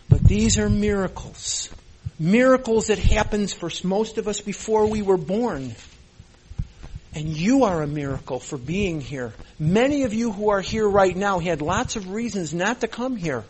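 A man's voice: high-pitched, lively intonation, unhurried, darkish tone, a little hiss or hum. A man speaking to a recovery meeting in an earnest, emotional way, repeating phrases for emphasis and holding back tears. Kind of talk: impassioned speech to a meeting.

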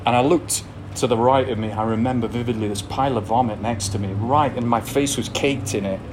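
A man's voice: mid-range voice, a little fast, background noise. A man with an English accent telling a frank, self-deprecating personal recovery story to an audience, laughing now and then between blunt details. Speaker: speaker sharing a recovery story. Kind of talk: candid personal testimony to an audience.

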